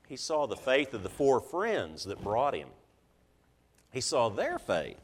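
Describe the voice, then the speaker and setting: A man preaching a sermon, telling the story with lively, animated delivery and acting out what people think and say. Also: mid-range voice, takes it slowly, husky, in a large hall.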